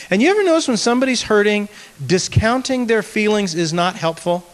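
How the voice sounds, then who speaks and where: Male pastor, slightly high voice, earnest and self-mocking, long hall reverb. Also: quick pace. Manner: earnest, animated storytelling with self-mocking humor. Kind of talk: conversational teaching talk to a group.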